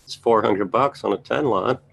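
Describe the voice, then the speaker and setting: A man's voice: lowish voice, normal speed, creaky, slight background noise. A man giving casual live market commentary, thinking aloud as he scans charts and making chatty asides to his viewers. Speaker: trading educator reviewing charts.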